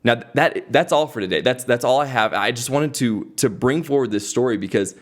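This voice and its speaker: A young man hosts a podcast and retells an old story in a relaxed, conversational way. He often restarts his phrases as he goes. His pitch sits in an ordinary middle range. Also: fairly quick. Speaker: podcast host. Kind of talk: casual devotional storytelling.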